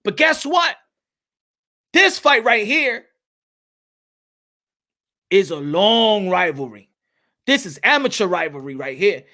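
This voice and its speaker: High, bright-voiced hyped boxing host. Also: male voice, big pitch swings. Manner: hyped, talks to chat, drawn-out emphasis. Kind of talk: animated boxing commentary chat.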